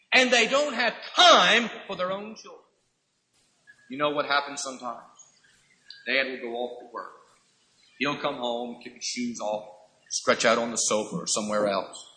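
A man preaching a sermon, emphatic and repeating key phrases, now and then acting out quoted voices with loud outbursts. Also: fairly high pitch, animated, measured pace, rough recording.

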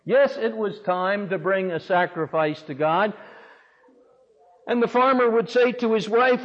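Dramatic preacher with a husky voice. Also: male voice, high-pitched, a little slow. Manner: dramatic, with rhetorical questions and big swings in loudness. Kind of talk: sermon. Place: large church hall. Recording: dull, echoey church recording.

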